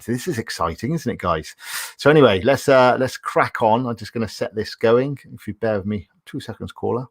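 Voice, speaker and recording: A man's voice: fairly low pitch, fairly bright tone, no echo. A man hosting a live solo podcast, chatting in an upbeat way and laughing often. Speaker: podcast host.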